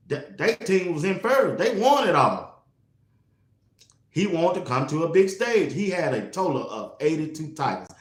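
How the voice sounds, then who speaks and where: Animated man talking football. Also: on the high side, reverberant. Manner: animated, laughing often, slangy trash talk. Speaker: sports talk host. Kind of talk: casual sports commentary.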